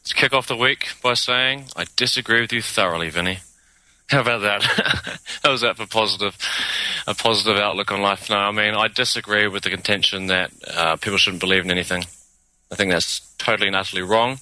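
Forceful, argumentative New co-host man. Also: on the low side, fairly even intonation, brisk, no room sound, rough recording. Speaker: radio co-host. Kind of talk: casual talk radio debate.

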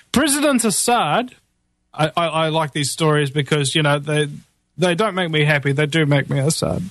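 A man rants through sarcastic political commentary, mocking and animated, often breaking into laughter at his own jokes. His voice sits a little high for a man. The recording is dry and close, with no room sound. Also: no echo.

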